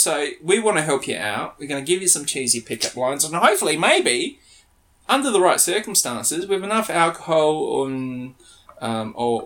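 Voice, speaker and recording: Podcast host, casual and joking, bright tone, lots of swing in the pitch. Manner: joking, rambling, playful. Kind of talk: casual chat.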